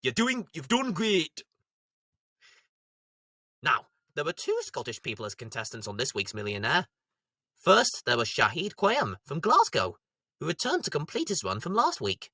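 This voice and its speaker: A man with a high voice hosting a jokey homemade TV comedy review show, breaking into silly shouted voices. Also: wildly swooping pitch, normal speed, breathy edge, no echo, clean studio sound.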